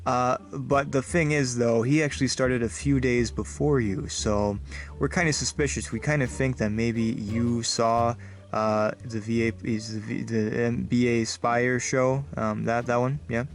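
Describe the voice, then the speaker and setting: A sleazy lawyer who rambles along, a little lower and quieter than a normal speaking voice, as a man puts him on. He trails off, hesitates, and mumbles his way through his threats. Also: little pitch movement, a little slow, close to an everyday voice. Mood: smug. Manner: hesitant, mumbling, full of fillers. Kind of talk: comedy sketch.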